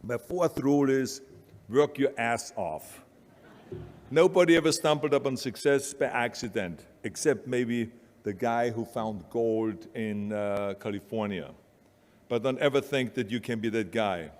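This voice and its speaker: A man's voice: medium pitch, unhurried, a little mellow, in a large hall. An older man with an Austrian accent giving a blunt, emphatic motivational speech. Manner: emphatic, blunt, repetitive urging. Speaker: motivational speaker.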